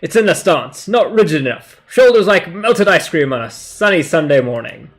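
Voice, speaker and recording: A man voicing an excitable, posh old English army officer with a theatrical English accent. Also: a little high, moderate pace.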